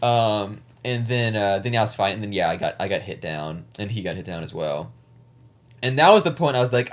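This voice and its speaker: A man's voice: on the low side, lively intonation, a little fast. An American man telling a long story in casual chat, rambling with lots of fillers and restarts. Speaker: larp player recounting an event.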